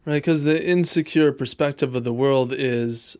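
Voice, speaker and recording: Relaxed male podcast host. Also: mid-range voice, normal speed, few pauses, no room sound. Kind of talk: casual interview talk.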